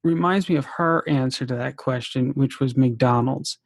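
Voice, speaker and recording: A woman's voice: very deep voice, normal speed, creaky, no echo. A woman hosting an interview, chatting casually with many fillers and restarts and laughing often. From United States. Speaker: podcast host.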